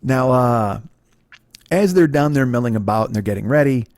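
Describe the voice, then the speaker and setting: A middle-aged man tells a long story on his podcast in a loose, rambling way, swearing freely and poking fun at himself. His voice sits at an ordinary mid pitch. The sound is close and dry, with no room echo. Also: animated, moderate pace, a little mellow. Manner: rambling, profane, self-deprecating, many restarts. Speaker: podcast host. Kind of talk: casual storytelling monologue.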